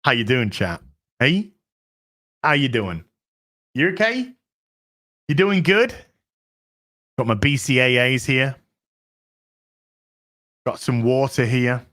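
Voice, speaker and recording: Excitable bright-voiced male streamer. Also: medium pitch, takes it slowly, long pauses. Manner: excitable, swears, chats to viewers. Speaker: streamer host. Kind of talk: live stream commentary.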